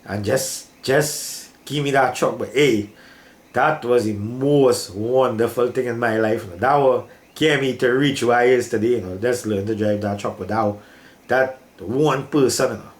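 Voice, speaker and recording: A man's voice: medium pitch, moderate pace, reverberant. An older man with a Trinidadian accent tells an emotional story from his working life in a casual, repetitive way, often calling the listener "boy".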